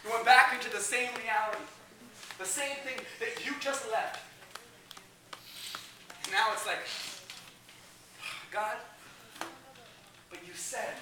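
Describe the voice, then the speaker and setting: A man preaching an energetic youth sermon, telling stories animatedly, acting out quotes and shouting at the peaks. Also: extremely high pitch, a little slow, pauses often, crowd noise. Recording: echoey hall, heard from a distance.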